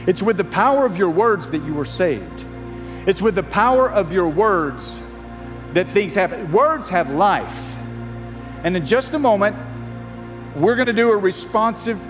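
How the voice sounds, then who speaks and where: A male pastor preaching a sermon to a live congregation, earnest and urging, sometimes hushed and sometimes leading loud proclamations. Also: high voice. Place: church sanctuary. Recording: long church reverb with faint music.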